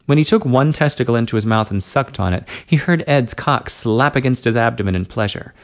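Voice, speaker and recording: A man reading an adult story aloud at a steady, unhurried pace. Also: medium pitch. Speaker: narrator.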